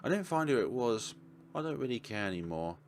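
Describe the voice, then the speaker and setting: A man voicing a gentle young game hero who blames himself, speaking in a hesitant, subdued way. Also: medium pitch, very animated, brisk, a little hiss or hum. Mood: weary. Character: gentle, guilt-ridden young game hero, self-blaming.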